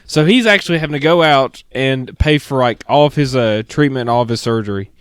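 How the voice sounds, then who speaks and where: A man's voice: medium pitch, a little fast, fairly bright tone, smooth, no echo. A young man co-hosting a casual sports podcast, blunt and opinionated, laughing often. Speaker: podcast co-host.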